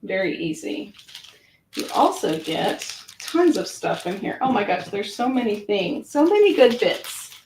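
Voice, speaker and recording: A woman's voice: mid-range voice, animated, unhurried, noisy background. A woman giving a chatty, hands-on demonstration of a sewing machine, narrating her own actions with lots of fillers. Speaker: product demonstrator. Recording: roomy echo.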